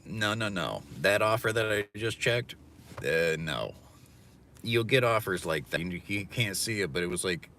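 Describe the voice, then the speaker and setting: Deep-voiced man ranting profanely. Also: animated, a little slow, pushed and bright, slight background noise. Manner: profane, rambling, philosophizing. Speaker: livestreaming delivery driver. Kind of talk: casual livestream rant.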